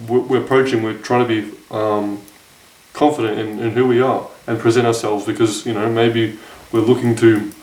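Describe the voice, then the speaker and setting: A man's voice: medium pitch, distant mic. Young man rambling in an echoey room. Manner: rambling, with frequent restarts and self-corrections. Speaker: dating advice vlogger. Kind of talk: casual storytelling to camera.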